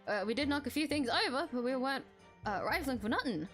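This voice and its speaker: A woman voicing a pair of rough, cheeky male thief brothers in a put-on cockney drawl, reading game dialogue. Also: high-pitched, expressive, fast talker, fairly bright tone, soft background music. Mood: sheepish. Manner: mock cockney drawl, folksy slang.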